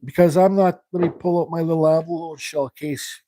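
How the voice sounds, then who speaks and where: Over a noisy background, a woodcarving livestream host talks fairly quickly in a voice on the high side with a steady tone. He rambles casually while carving, thinking aloud and reading out viewers' questions as he answers. It's relaxed, live demonstration chatter.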